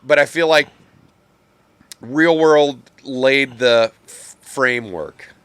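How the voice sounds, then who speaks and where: A man co-hosting a podcast in casual chat, rambling and swearing, often breaking into loud laughter. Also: medium pitch, slow, clear, resonant tone, no echo. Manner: rambling, profane, laughs loudly. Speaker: podcast co-host.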